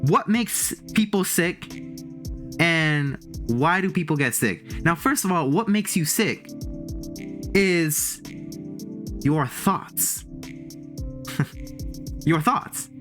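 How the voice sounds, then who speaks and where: A man's voice: on the high side, animated, drawn-out words, long pauses, fairly bright tone, soft background music. A man giving a casual spiritual monologue as a streamer, emphatic and repetitive, chuckling between points. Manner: repetitive and emphatic, repeats key phrases. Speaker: streamer and vlogger.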